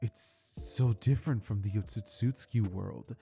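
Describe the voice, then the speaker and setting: A man's voice: on the low side, measured pace, vocal fry, dark tone, faint music behind. A man voicing a young alien boy who talks hesitantly and stammers. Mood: wondering.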